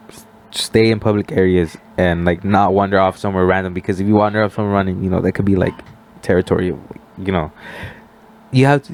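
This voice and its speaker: A young man on a casual podcast, telling a story with lots of "like" and acting out what other people said. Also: lowish voice. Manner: animated storyteller, acts out quoted voices, many "like" fillers. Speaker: podcast guest.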